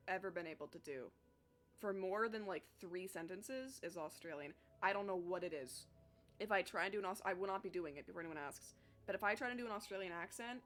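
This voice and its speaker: A woman's voice: fairly low pitch, a bit bright. A young woman chatting casually with her live chat while she draws, talkative and self-deprecating, swearing freely. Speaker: streamer drawing live.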